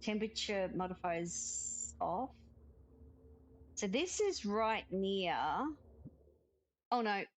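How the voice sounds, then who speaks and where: A woman's voice: mid-range voice, takes it slowly, long pauses, a little hiss or hum, low-quality recording. A woman chatting casually while playing a game, giggling often and reading game text aloud. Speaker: gaming streamer. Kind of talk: casual let's-play chat.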